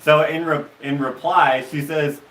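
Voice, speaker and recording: A man with a Canadian accent hosting a live stream, telling a story in a casual, halting way with many restarts. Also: on the high side, fairly even intonation, distant mic, background noise. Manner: halting, many restarts and fillers, laughs often. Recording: echoey room, voice from off the mic.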